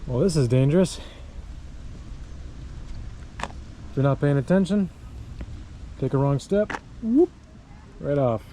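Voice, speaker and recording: A man's voice: on the high side, lively intonation, slow pace, long pauses, dark tone. A man talking casually to his camera as he walks outdoors, chatting and thinking aloud. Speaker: travel vlogger. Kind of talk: casual walking vlog narration. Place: outdoors on city streets and hill paths. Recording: street noise behind. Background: street and traffic noise.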